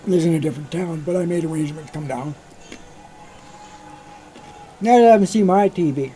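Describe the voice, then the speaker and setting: A man's voice: fairly high pitch, fairly quick, dark tone. A man hosting a livestream, telling a rambling anecdote casually, swearing freely and restarting sentences. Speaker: livestream host. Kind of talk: casual storytelling.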